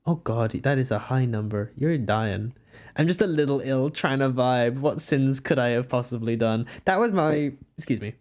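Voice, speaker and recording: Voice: mid-range voice, lively intonation, unhurried, a little mellow. A nineteen-year-old streamer chatting casually on a live stream while drawing, giggly and self-mocking. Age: about 19.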